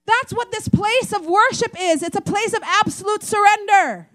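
A woman pastor preaching a sermon in an animated way, acting out quoted voices. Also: very high voice, normal speed.

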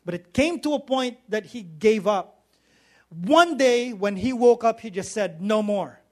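A man's voice: high-pitched, animated, measured pace, darkish tone. A man preaching a sermon, telling a story in a conversational way and often asking the audience questions.

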